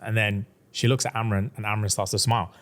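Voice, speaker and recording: A man's voice: on the low side, little pitch movement, fast, a bit bright. A man co-hosting a podcast, telling a fantasy plot in casual chat and acting out the characters' lines with heavy slang. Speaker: podcast co-host.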